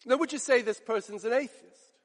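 High-voiced preacher, echoing church. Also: male voice, brisk. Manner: earnest, emphatic, repeats phrases for effect. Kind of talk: sermon. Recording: long reverb of a large church.

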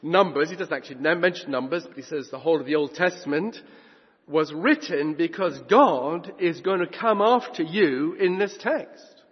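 A man delivering a sermon in a fairly high, husky voice, his pitch climbing and dropping widely as he drives home each point. He swings from loud declarations to hushed asides. The recording is dull and carries the long reverb of a church hall. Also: animated, normal speed. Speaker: preacher.

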